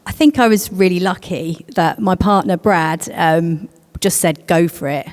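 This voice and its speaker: A woman panellist candidly telling a personal story at a conference, hesitant, with many pauses. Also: fairly low pitch. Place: conference hall. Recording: long hall reverb.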